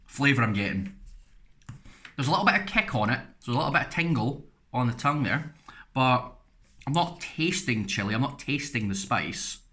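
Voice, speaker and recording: A man's voice: mid-range voice, bright, forceful tone. An English man giving a casual, frank food review, rambling through chatty asides as he tastes.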